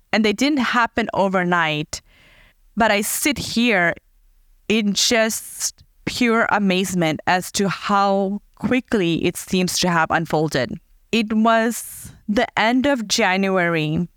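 A woman's voice: medium pitch, a bit bright, clean tone, no room sound, studio quality. A woman hosting a podcast, telling a personal story in an earnest, heartfelt and reflective way. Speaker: podcast host.

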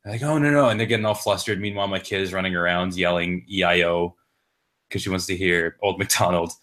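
Low-voiced man bantering crudely. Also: little pitch movement, fast talker, fairly bright tone. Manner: joking, profane, laughs often. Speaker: podcast co-host. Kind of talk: crude casual podcast banter.

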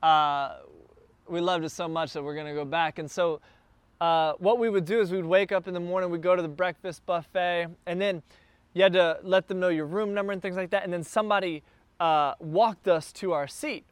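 A man telling a casual travel story, chatty and getting more excited as he goes. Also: sits high, a little fast, clear, resonant tone, dry recording.

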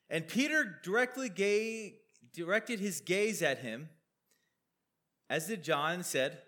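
Guy preaching off slides, chatty, asks the room questions, bright voice a bit on the high side. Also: lively intonation, unhurried. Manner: conversational, explains verses with questions and asides. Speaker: preacher teaching a Bible passage. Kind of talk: sermon with slides.

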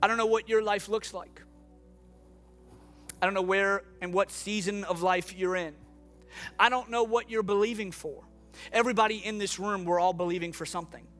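A man's voice: sits high, fairly even intonation, normal speed, long pauses, fairly bright tone, faint music behind. A man preaching a sermon to a congregation in a church room, impassioned, repeating phrases for emphasis. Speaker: pastor.

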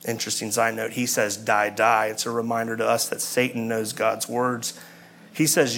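A man's voice: medium pitch, level tone, normal speed, vocal fry, fairly bright tone, a little hiss or hum. Man preaching a conversational sermon. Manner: conversational, asks the listeners rhetorical questions.

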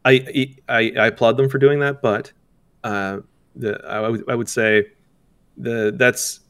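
Male interview guest, smooth tone, halting delivery, easy laughs. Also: medium pitch, fairly even intonation, fairly bright tone, no echo, studio quality. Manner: hesitant, many restarts, laughs often. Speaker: game developer guest. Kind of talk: casual interview talk.

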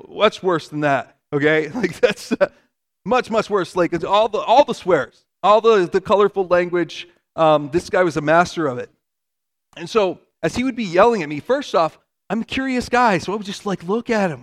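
A man with a fairly high voice preaches a sermon. He talks casually and earnestly, as if chatting with the congregation. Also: animated, moderate pace. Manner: conversational, earnest, with asides and laughs. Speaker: pastor.

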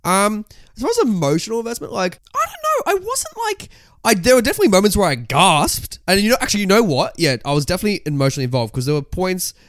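A young man, co-hosting a casual film review chat, animated and swearing often. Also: sits high, rapid-fire, few pauses, dry recording, clean studio sound. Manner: animated, swears a lot, acts out quotes. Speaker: podcast co-host.

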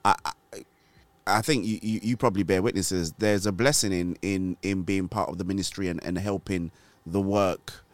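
Host, man, lowish voice, dry close sound, chatty with lots of false starts. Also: steady tone, normal speed, dry recording. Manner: rambling, many restarts, laughs easily. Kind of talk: casual faith chat.

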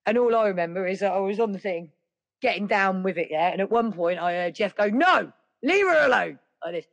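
A middle-aged woman, a podcast guest telling stories in a lively, casual way. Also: medium pitch, quick pace. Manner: lively, acts out other people's voices. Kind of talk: casual storytelling.

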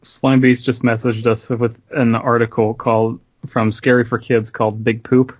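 A man cracks deadpan jokes on a casual podcast. His voice is husky, and the recording is dry and close. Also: mid-range voice, moderate pace, dry recording. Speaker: podcast co-host. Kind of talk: casual chat.

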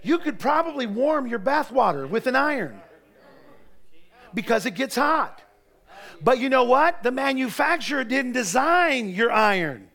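A middle-aged man, preaching in church with folksy joking stories that build to shouted preaching. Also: very high-pitched, very animated, a little slow. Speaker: pastor. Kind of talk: sermon.

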